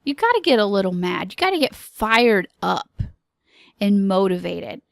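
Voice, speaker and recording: A woman hosting a podcast, giving an earnest, encouraging motivational talk in slow, deliberate phrases. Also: medium pitch, sing-song, vocal fry, no echo, studio quality. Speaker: podcast host.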